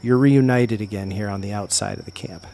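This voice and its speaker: Low-voiced man running a tabletop game. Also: a little fast, vocal fry, mellow, a little hiss or hum. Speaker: game master.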